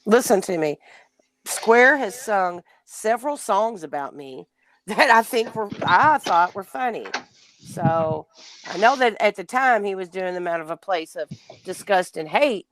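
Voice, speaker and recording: A woman's voice: mid-range voice, animated, unhurried, a bit bright, rough recording. A woman chatting casually in an online voice chat, rambling with many fillers. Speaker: guest on a live audio chat.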